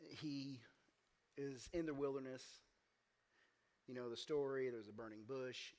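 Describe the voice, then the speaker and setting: A man's voice: medium pitch, unhurried. A man preaching a sermon as pastor, telling a story and acting out the voices in it. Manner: animated, acts out quoted voices, gets loud and emphatic. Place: church.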